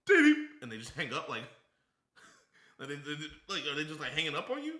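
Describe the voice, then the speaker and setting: A man reacting live on stream, excitable and joking, with stammering repeats. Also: fairly high pitch, fairly quick, reverberant.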